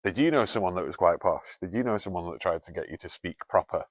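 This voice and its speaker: Low-voiced joking man. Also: fast talker, no room sound. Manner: joking, swears freely, talks to the spirit directly. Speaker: paranormal investigator host. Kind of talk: casual chat during a night investigation. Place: cold canal tunnel outdoors at night.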